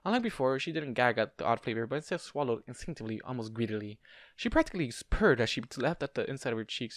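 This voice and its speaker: A man reads a fan story aloud in an amateur audiobook style, with a mid-pitched, ordinary voice. He trips over words and restarts them, and now and then breaks off for a casual aside. The sound is dry and close to the mic. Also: no room sound. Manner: stumbles and corrects himself, adds casual asides. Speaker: fanfiction reader.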